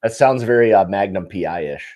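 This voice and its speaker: A man's voice: on the low side, animated, moderate pace, a little mellow. A man co-hosting a casual bourbon tasting, thoughtful and hesitant as he describes flavors. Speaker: podcast co-host.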